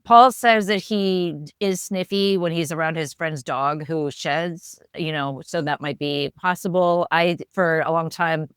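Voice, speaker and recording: A middle-aged woman chatting on a podcast with a wry, opinionated edge. Her voice is very low and smooth, recorded dry and close. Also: no room sound. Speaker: podcast co-host. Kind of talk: casual chat.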